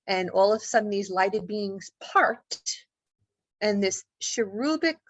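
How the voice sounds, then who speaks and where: In an interview, a woman who writes books and investigates the paranormal tells a personal story, acting out what people said with vivid, emotional delivery. Her voice sits at medium pitch, and the lo-fi recording carries no room sound.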